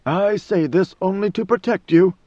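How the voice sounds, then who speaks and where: An ancient god-emperor speaks in slow, grave, measured tones, as a male reader puts him on. The voice sits a little high and carries a dull, lo-fi sound. The recording is dry. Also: warm tone, no room sound. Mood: solemn. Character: ancient godlike male emperor, calm, solemn.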